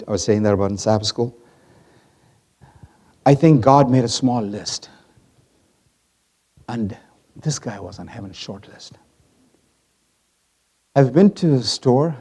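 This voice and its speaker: A male pastor preaching a sermon, swinging from hushed asides to loud acted-out lines. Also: high-pitched, breathy edge. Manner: animated, swings from hushed to loud, acts out voices.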